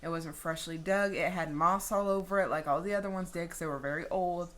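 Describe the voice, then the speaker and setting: A woman vlogger telling a personal story in a casual, animated way, swearing freely. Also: on the low side, brisk, slight background noise.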